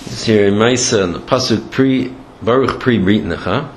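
A man giving a storytelling Torah lecture in a halting way, with many restarts and Hebrew and Yiddish terms. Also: fairly low pitch. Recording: echoey room, faint background noise.

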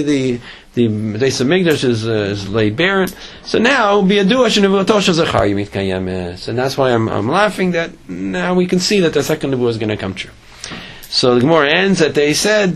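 Man giving a style Talmud class. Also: a little high. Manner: mixes Hebrew and Yiddish terms into English, frequent restarts. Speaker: Torah teacher.

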